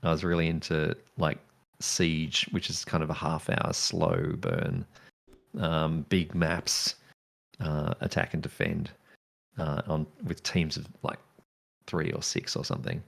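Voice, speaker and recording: A very deep, gravelly male voice belonging to a man in his fifties who streams games. He talks in a relaxed, rambling way, laughing easily between his thoughts. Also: a little slow. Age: 50s. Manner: easygoing, laughs often, rambling asides. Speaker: game streamer. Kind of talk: casual gaming chat.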